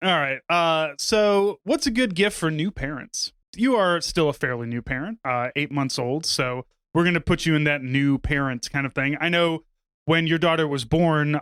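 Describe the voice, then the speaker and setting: A man in his thirties co-hosts a podcast in a loose, rambling, self-deprecating way, swearing now and then. His voice is smooth and resonant and sits a little high. The recording is close and dry. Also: fairly bright tone, dry recording. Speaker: podcast co-host. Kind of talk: casual chat.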